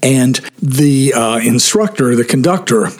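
An older man tells a true story in a relaxed, candid, conversational way, like a storytime vlog. His voice is husky and sits in a mid range. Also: mid-range voice, a little slow.

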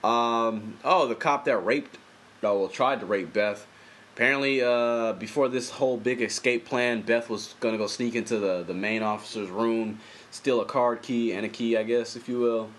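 A man's voice: medium pitch, steady tone, moderate pace, fairly bright tone. A young man casually recapping a TV episode in loose, profane, rambling commentary full of slang. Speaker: TV episode reviewer.

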